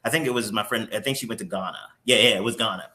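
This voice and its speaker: Bright-voiced man hosting, candid and emotional. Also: fairly low pitch, racing. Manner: candid and openly emotional, with mild profanity. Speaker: morning show host. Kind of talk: casual interview conversation.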